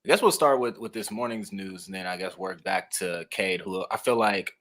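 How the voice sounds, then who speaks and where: A young man co-hosting a sports podcast in a laid-back, measured way, with frequent ums. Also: low-pitched, a bit bright. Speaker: sports reporter, podcast co-host. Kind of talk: casual sports podcast chat.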